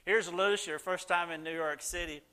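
A middle-aged man telling stories to a live audience, animated, and loud when he acts out how his family talked. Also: sits high, brisk, noisy background. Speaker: speaker answering audience questions. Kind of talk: casual talk to a live audience.

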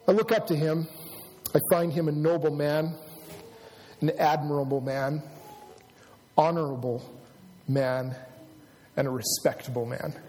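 A man's voice: a little high, a little mellow, a little hiss or hum. A middle-aged man preaching a sermon, telling a personal story and building to emphatic preaching. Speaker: pastor. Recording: long hall reverb.

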